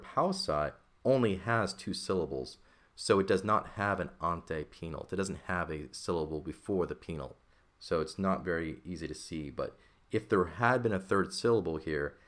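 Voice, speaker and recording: A man teaching a recorded language lesson, explaining step by step, checking in with the listener and correcting himself as he goes. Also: low voice. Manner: explanatory, checks in with "okay" and "right"; thinks aloud, self-correcting. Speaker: Greek teacher.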